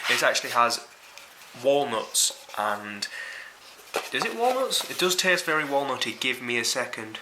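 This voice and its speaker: A man's voice: mid-range voice, expressive, normal speed, noisy background. A young man with a Yorkshire accent giving a casual, rambling and sweary food review to camera. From Yorkshire, England.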